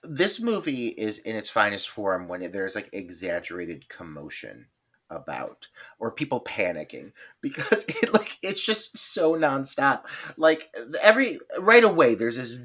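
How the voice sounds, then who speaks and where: A man co-hosting a casual film podcast, talking in an animated, enthusiastic way with lots of filler words. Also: medium pitch, measured pace. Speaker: podcast co-host.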